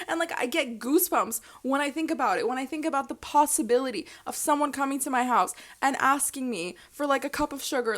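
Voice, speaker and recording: A woman's voice: high-pitched, fairly quick, few pauses, a bit bright. A young adult woman in a casual, reflective vlog monologue, earnest and emphatic, who swears freely and becomes tearful. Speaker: vlogger.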